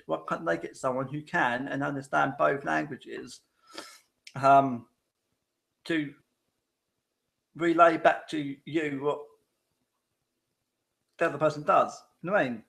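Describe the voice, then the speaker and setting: A man's voice: on the high side, measured pace, gravelly, long pauses, a bit bright. A man hosting a casual live-stream chat, rambling and often restarting his sentences while checking in with viewers. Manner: rambling, repetitive, frequent restarts; addresses viewers directly with tag questions.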